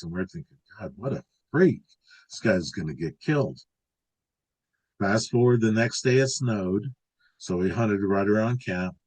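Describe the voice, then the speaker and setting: A man's voice: low-pitched, darkish tone, poor audio. A man in his sixties, an interview guest, telling a long story casually, rambling with restarts and filler words. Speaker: interview guest recounting an encounter.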